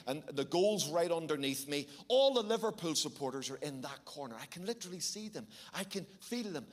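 A middle-aged man with a Belfast accent, preaching a sermon and telling a lively story with shifting pace for emphasis. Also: a little high. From Northern Ireland. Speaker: pastor.

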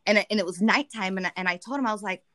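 A woman's voice: mid-range voice, fast talker, fairly bright tone. Woman sharing feelings in casual chat. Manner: emotional, rambling, many restarts.

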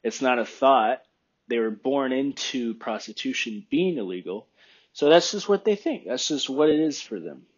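A man's voice: mid-range voice, animated, moderate pace, highs cut off. A man in a casual opinion monologue, rambling and thinking aloud, often questioning himself.

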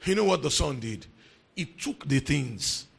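A man preaching a sermon, emphatic and repeating key phrases, swinging between quiet talk and shouting. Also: fairly high pitch, sing-song, measured pace, gravelly, slightly rough. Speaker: pastor.

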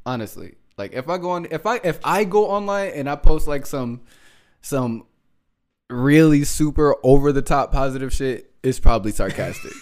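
A man's voice: on the high side, lively intonation, normal speed, a little mellow. A young man co-hosting a podcast, chatting casually and telling a story while breaking into frequent laughter. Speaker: podcast co-host.

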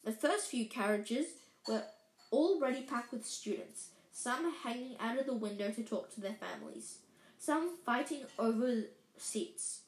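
Woman reading a story aloud; somewhat high voice, stumbles and self-corrects, roomy echo. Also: expressive. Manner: halting, with slips and self-corrections. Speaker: reader. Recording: echoey room.

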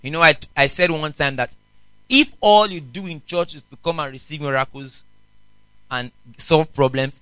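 A man, a pastor preaching a sermon in an animated way and often asking the congregation questions. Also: on the high side, no room sound, rough recording.

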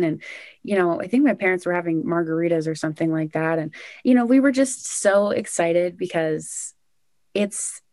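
A young woman, a singer-songwriter, chatting excitedly in an interview with lots of "like" and "oh my gosh". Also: fairly low pitch, no room sound, studio quality. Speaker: country singer-songwriter guest. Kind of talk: casual interview answers.

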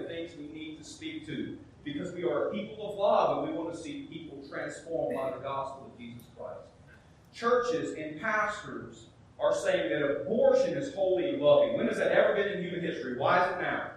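A middle-aged pastor preaching, his slightly high voice pressing hard with rhetorical questions and little acted-out asides. He is heard from a distance in a very echoey hall, a faint rumble underneath. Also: animated, fairly quick. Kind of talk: sermon.

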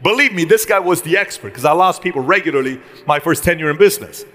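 A middle-aged man giving an energetic motivational talk to a live audience, firing rhetorical questions at the room. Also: a little high, quick pace. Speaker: business speaker.

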